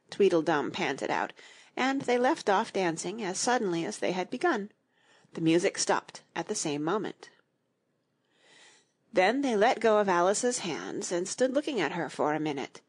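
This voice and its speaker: A woman narrating a children's audiobook with a husky, slightly breathy tone. Her pitch sits a little low but moves with lively, animated swings as she tells the story. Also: moderate pace. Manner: expressive, storytelling.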